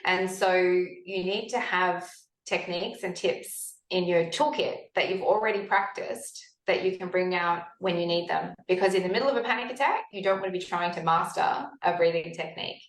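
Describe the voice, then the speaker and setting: A woman in her forties, a health practitioner talking as a guest in a conversational interview, telling stories lively and acting out her own past thoughts. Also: on the low side, normal speed. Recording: echoey room.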